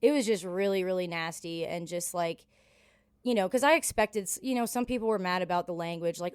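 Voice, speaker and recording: A woman's voice: on the low side, a little fast, clear, resonant tone, dry recording. A woman from Canada in her thirties, a singer telling road stories in a casual interview, candid and profane, acting out the voices in her stories. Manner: candid, profane, animated in quoted dialogue. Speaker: country singer, podcast guest.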